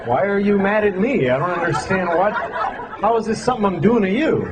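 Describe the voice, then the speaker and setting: Male stand-up, self-deprecating and chatty, lively voice, live club with loud crowd. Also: high-pitched, fairly quick, heavy background noise. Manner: self-deprecating, conversational, hesitant with fillers. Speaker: stand-up comedian. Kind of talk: stand-up routine. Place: comedy stage before a laughing audience.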